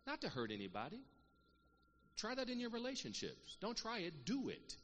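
A middle-aged man preaching a sermon, calling out to the congregation and swinging between loud exhortation and quiet, earnest asides. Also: sits high, wildly swooping pitch, moderate pace. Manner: call-and-response preaching, calls out "Amen" and "saints". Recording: long reverb of a large hall, faint room noise.

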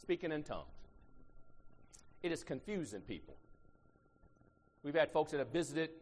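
A middle-aged man from Ohio preaches in a fairly high voice with an Ohio accent. He jumps from shouts down to quiet asides and keeps calling on the crowd to answer back. The sound rings with a long reverb, as in a big church hall. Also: very animated, normal speed, a little hiss or hum. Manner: dynamic, swinging from shouts to low asides, call-and-response. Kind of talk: sermon. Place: church sanctuary.

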